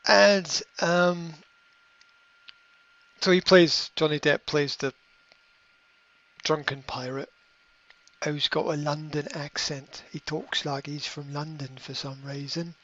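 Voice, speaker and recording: Halting, higher-pitched male podcast host. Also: steady tone, fairly bright tone. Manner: halting, repeats words, many ums. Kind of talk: motivational monologue. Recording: slightly dull lo-fi audio.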